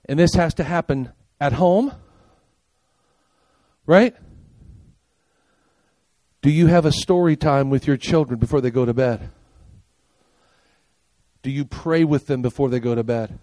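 An older man preaching a sermon as pastor, emphatic, firing rhetorical questions and asking the congregation if they are with him, swinging from loud punchy lines to quiet low ones. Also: measured pace, long pauses, dry recording. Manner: emphatic, rhetorical questions and call-and-response checks.

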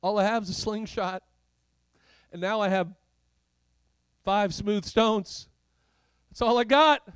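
A man's voice: high-pitched, steady tone, slow pace, pauses often, smooth, no echo, pitched above the performer's own voice. Anxious teenage shepherd boy by a man. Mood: pleading.

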